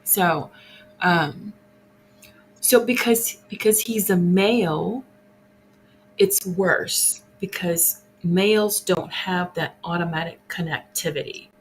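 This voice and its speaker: A woman in casual podcast conversation, reflective and quick to laugh, speaking in short halting bursts. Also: lowish voice, slight background noise, rough recording.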